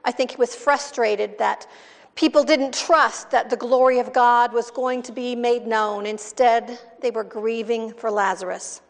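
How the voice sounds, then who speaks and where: A woman pastor reading scripture and preaching a sermon in a measured, deliberate way, heard in a large echoing hall. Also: a little high, steady tone. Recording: long reverb in a large hall.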